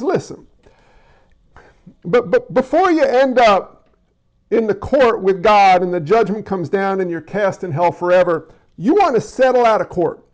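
A man's voice: sits high, a little mellow. A man preaching a conversational sermon, addressing the congregation directly, with frequent stammered restarts. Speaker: pastor.

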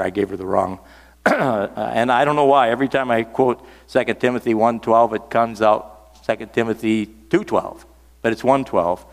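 An older man preaching a sermon, folksy and earnest, repeating key phrases for emphasis. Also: mid-range voice. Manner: folksy, storytelling asides. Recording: reverberant hall sound.

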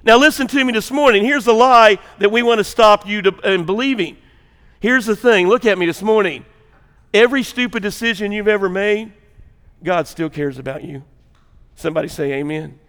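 A man's voice: high voice, normal speed, a bit bright, smooth, in a large hall. A male pastor preaching a sermon in a rambling, joking way, speaking straight to his congregation. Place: large church hall.

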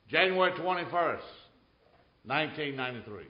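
A man preaching a sermon, telling stories in an animated way and swinging between loud and hushed. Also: mid-range voice, moderate pace, long pauses, roomy sound, highs cut off.

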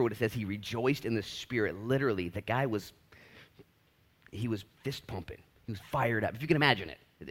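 Animated laid-back preacher, low voice. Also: male voice. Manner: animated, swinging from loud excitement to hushed emphasis; laid-back slangy phrasing. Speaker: pastor. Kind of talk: casual expository sermon with prayer.

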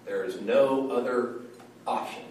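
A man teaching a Bible study at an easy, deliberate pace, often checking in with his listeners. He is picked up from far off, and a large room echoes heavily around him. There is faint room ambience underneath. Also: mid-range voice, a little mellow, a little hiss or hum. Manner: conversational, often checks in with "right?".

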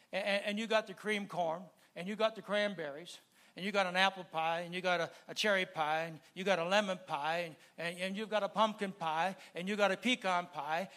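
High bright-voiced male preacher. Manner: builds from easy chat to loud fervent preaching; repetitive listing cadence. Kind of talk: sermon.

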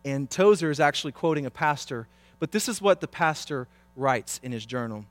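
A male pastor preaching a sermon, swinging from loud, impassioned urging to hushed pleading. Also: a little high, animated, fairly quick, no echo.

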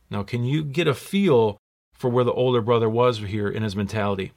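A man's voice: medium pitch, a little mellow. Emphatic male preacher asking rhetorical questions. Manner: emphatic, asks rhetorical questions, slows down to stress words. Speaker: pastor. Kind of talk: sermon.

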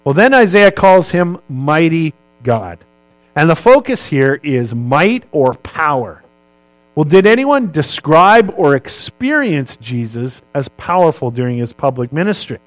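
A man's voice: on the high side, big pitch swings, measured pace, dry recording, poor audio. A male pastor giving a sermon in a conversational way, posing rhetorical questions and answering them himself.

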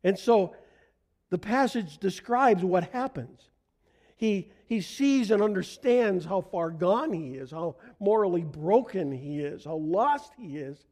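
A middle-aged male pastor preaching a sermon in a church, earnest, going soft in prayer and rising on emphasis. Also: high-pitched, lively intonation, slow. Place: church sanctuary.

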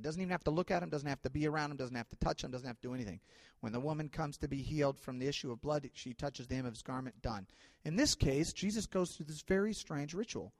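In his sermon, the pastor's slightly high male voice moves from loud to quiet as he tells stories conversationally, leaning on fillers. A long hall reverb trails his words.

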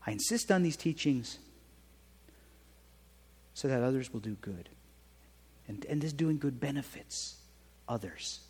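Husky-voiced male preacher, lively pitch. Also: a little slow, long pauses, big-room sound. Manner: conversational, checks in with rhetorical "right?". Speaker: pastor. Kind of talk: sermon.

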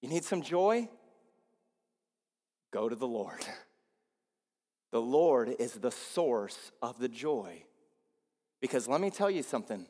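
A male pastor preaching a sermon, swinging between loud rises and low, quiet drops. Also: sing-song, slow, long pauses. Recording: long hall reverb.

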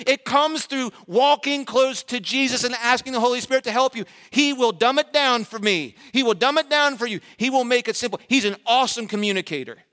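A man's voice: very high-pitched, fairly quick, few pauses, a bit bright. A male pastor delivering a sermon who asks the congregation questions and briefly acts out their replies.

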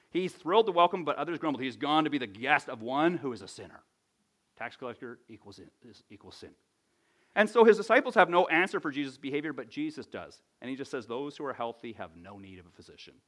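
Male pastor, mid-pitched, chatty teaching sermon, lots of "right?" asides. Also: fairly bright tone.

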